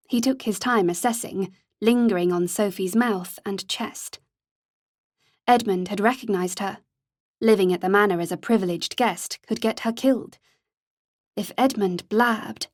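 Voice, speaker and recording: Audiobook narration from a woman with a mid-range voice, told in a measured, unwavering storytelling manner. It's a dry recording of studio quality.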